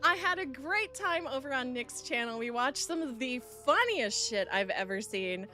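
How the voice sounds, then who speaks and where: A woman's voice: high voice, expressive, moderate pace, bright, forceful tone. A woman live-streaming, bubbly and affectionate, greeting her chat by name with pet names and sometimes talking while eating. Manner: chews food while talking. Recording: faint music behind.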